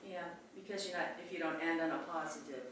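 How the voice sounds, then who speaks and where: Man, short replies and quick questions, slightly high voice, echoey room, distant mic. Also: fairly even intonation, fairly bright tone, slight background noise. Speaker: client in training lesson.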